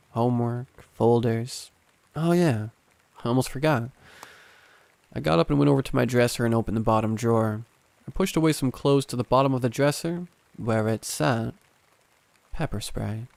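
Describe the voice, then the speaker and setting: A man narrating a scripted horror story in a calm, steady first-person way. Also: medium pitch, no room sound.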